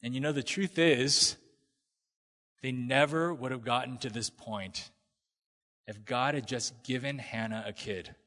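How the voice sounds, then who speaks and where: A man preaching a sermon in a conversational, animated way, sometimes acting out the people in the story. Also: mid-range voice, unhurried, pauses often. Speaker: pastor. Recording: long hall reverb.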